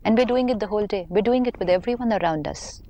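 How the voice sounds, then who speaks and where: A woman on a talk show, calmly explaining spiritual ideas with everyday examples. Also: mid-range voice, quick pace, slight background noise. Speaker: spiritual teacher.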